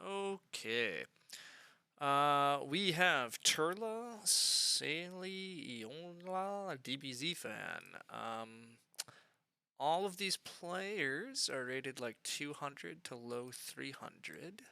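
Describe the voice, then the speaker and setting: A man commenting on his own game stream, talking through each choice with plenty of ums and asides. His voice is very bright and crisp, recorded close and dry. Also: on the high side, lively intonation, drawn-out words, no echo. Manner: thinking aloud, chatty, lots of fillers.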